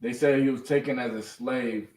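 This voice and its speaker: A man in a class reading scripture text aloud, a little halting. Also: mid-range voice, steady tone, a little mellow, far from the mic. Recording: echoey room, off-mic.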